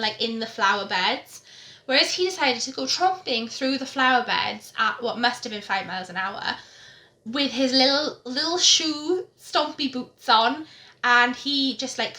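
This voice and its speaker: A young woman chatting on her vlog, her voice bright and sharp and a touch high. She tells stories in a giggly, easygoing way, and the room around her rings with echo. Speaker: vlogger. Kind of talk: casual chat. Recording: echoey room.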